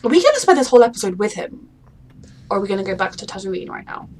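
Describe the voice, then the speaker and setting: A woman's voice: mid-range voice, sing-song, fast, darkish tone. A woman hosting a reaction video, gushing and emotional, often exclaiming at the screen. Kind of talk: casual reaction commentary.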